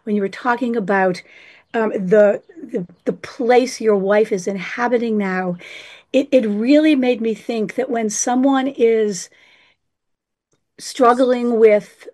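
A woman's voice: on the high side, slow pace, darkish tone. A woman explaining dreams in a flowing, spiritual way, using terms like hypnagogic and sacred space. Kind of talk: reflective explanation.

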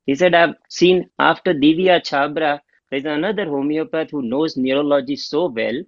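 Middle-aged man, fairly high voice, dry dull lo-fi sound, animated storyteller. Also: normal speed, dry recording. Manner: animated, acts out quoted dialogue. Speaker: homeopath guest. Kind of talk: storytelling interview.

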